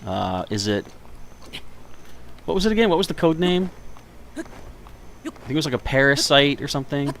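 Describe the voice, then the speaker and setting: A man's voice: on the high side, big pitch swings, normal speed, vocal fry, pauses often, fairly bright tone, a little hiss or hum. A man giving casual, rambling commentary while live streaming a video game and chatting with viewers, sounding tired. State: tired, yawning.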